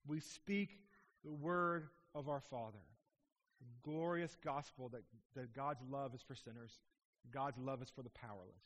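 A man in his thirties preaching a sermon as a pastor in a church sanctuary, impassioned and then dropping to a hushed tone at tender moments. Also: mid-range voice, measured pace. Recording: long hall reverb.

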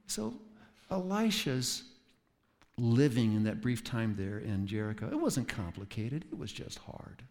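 A man's voice: medium pitch, big pitch swings, measured pace, a little mellow. Pastor, man, west coast voice, talky storytelling sermon, reverberant hall. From West Coast of the United States. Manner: conversational storytelling with asides to the audience.

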